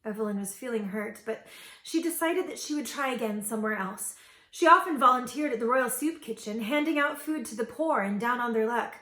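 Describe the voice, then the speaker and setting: A woman reading an original fairy tale aloud to children, with gentle, expressive storytelling. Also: fairly high pitch, fairly quick. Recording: echoey room.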